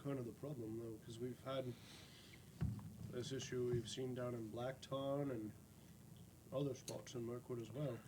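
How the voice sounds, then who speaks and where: A man playing a tabletop game, thinking aloud in a deliberate in-character party discussion on a quiet home mic. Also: mid-range voice, level tone, noisy background.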